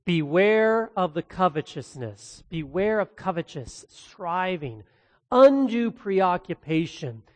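High-voiced man preaching in a reverberant hall. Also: sing-song, slow pace. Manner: earnest, with casual asides. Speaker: pastor. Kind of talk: expository sermon.

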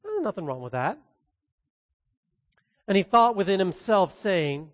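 High-voiced man preaching in a reverberant hall. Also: sing-song, unhurried, pauses often, fairly bright tone. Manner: earnest, with casual asides. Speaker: pastor. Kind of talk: expository sermon.

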